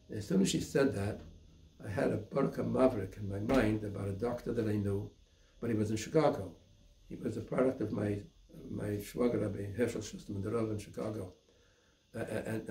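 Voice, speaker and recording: An older man, a rabbi, tells his memories in a low, gravelly voice. He pauses and repeats words as he goes. A roomy echo surrounds him. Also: mellow. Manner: halting, repeats words while searching for them. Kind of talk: recounting personal memories.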